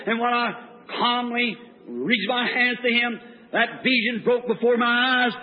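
A man's voice: extremely high pitch, steady tone, normal speed. A man preaching a sermon, telling stories with fervent, dramatic delivery and crying out when he repeats his prayers. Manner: fervent, dramatic, speeds up and cries out in retold prayers. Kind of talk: sermon with storytelling. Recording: tinny old hall recording.

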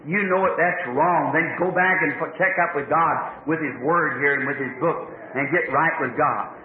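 Male preacher, fervent and pleading, high-pitched, thin echoey phone-like recording. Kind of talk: sermon.

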